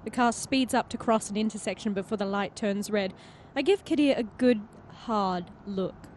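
A woman playing a story game, reading its text aloud as an expressive narrator and chatting between passages. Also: mid-range voice, normal speed, a little hiss or hum. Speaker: player and host of a game playthrough.

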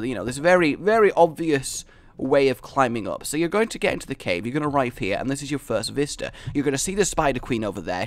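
A young man giving casual, rambling commentary while building in a game, excitable and thinking out loud. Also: medium pitch. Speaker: gaming video creator. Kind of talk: casual let's-play commentary.

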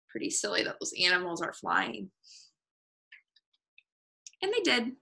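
A woman reads a picture book aloud to children, her voice bright and high and full of lively rises and falls. She takes her time and sounds every word clearly. The reading is warm-hearted and expressive. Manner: animated, expressive, slow and clear.

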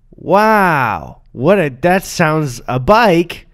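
Animated, teasing male podcast co-host. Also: mid-range voice, moderate pace. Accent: American. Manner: teasing, laughs often. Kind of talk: casual chat.

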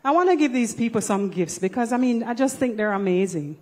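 Jamaican woman, stage co-host, playful and coaxing, a touch high. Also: expressive, brisk, darkish tone. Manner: playful, coaxing, laughs often. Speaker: co-host of a church service. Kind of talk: lively stage emceeing.

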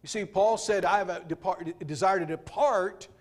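Man, high-pitched voice, revival sermon, emphatic scripture reading. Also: normal speed. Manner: quotes scripture with rising emphasis; storytelling, then preaching. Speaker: guest preacher.

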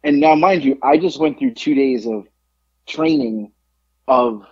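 A man co-hosting a podcast in casual chat, telling a story with lively acted-out quotes and free swearing. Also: medium pitch, a little slow, breathy edge, lo-fi sound. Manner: animated storyteller, acts out quotes, swears freely. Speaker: podcast co-host.

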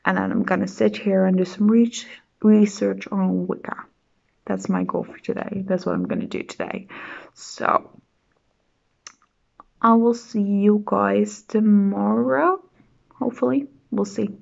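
A woman chatting casually in her reading vlog, bubbly and excitable, rambling with restarts and little laughs. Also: medium pitch, a little slow, creaky, pauses often, lo-fi sound. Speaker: book vlogger.

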